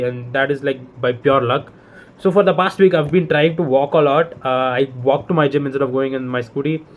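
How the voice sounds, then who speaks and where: A young man, rambling and swearing in a casual, exasperated rant to the camera. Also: on the high side. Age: young adult. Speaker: vlogger.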